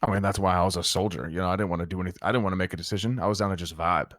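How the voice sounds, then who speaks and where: A man's voice: low-pitched, fairly even intonation, racing, fairly bright tone, no echo, studio quality. A man in character in an online roleplay, telling a heated, profane story to a friend. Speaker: roleplay gang member recounting events.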